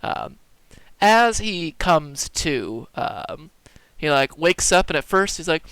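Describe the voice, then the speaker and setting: Man, game master, casual tabletop narration, bright voice, dry close sound. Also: on the high side, lively intonation, takes it slowly, smooth, no room sound, rough recording. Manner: casual, laid-back, with filler ums.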